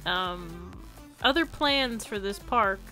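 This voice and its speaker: Slow, bright-voiced woman streamer. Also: mid-range voice, expressive, faint music behind. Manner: chatty, giggles often. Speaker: live streamer. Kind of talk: casual game stream chat.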